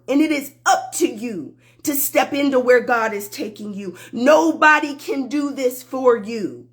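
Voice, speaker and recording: Woman, spiritual minister, live-stream preaching, slow, emphatic repetition. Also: high-pitched, a bit bright.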